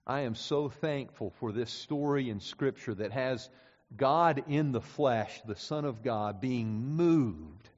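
A male pastor preaching a sermon, moving from quiet, slow passages to loud, climactic ones. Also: medium pitch. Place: church sanctuary. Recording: dull sound with long reverb in a hall.

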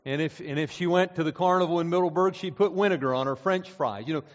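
A man's voice: on the high side, fast. A man from central Pennsylvania preaching a sermon, telling folksy stories with frequent restarts and "uh"s. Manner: folksy storytelling with many restarts and "uh"s. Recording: dull sound with long hall reverb.

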